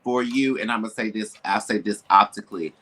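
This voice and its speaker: Deep male podcast co-host with a candid, emphatic delivery. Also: brisk, sharp tone, husky. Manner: candid, emphatic, drops into asides. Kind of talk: casual podcast chat. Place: home, with building noise nearby.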